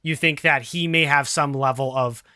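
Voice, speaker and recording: A man acting as game master, narrating a tabletop game with animated, laugh-filled explanations. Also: mid-range voice, normal speed, clear, resonant tone, no echo, clean studio sound.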